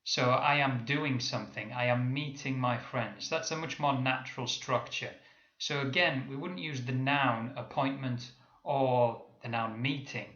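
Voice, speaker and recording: A man with a British accent giving an English lesson, saying example sentences slowly and carefully. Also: mid-range voice, fairly even intonation, a bit bright, reverberant, highs cut off. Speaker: English teacher.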